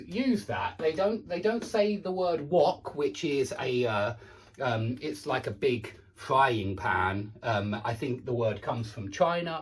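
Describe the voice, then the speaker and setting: A British man teaching English pronunciation, explaining at a steady working pace and thinking aloud with frequent ums and uhs. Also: medium pitch, far from the mic. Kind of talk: pronunciation lesson.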